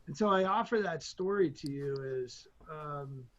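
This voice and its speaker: A man as a podcast guest, telling motivational stories in an energetic, emphatic way and often checking in with "right?". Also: on the high side, unhurried, dull audio. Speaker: guest, entrepreneur. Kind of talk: animated motivational storytelling.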